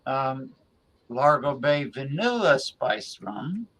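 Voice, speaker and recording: A man co-hosting a casual chat show, excitable and playful, often repeating and restarting his words. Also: medium pitch, slow. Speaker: co-host.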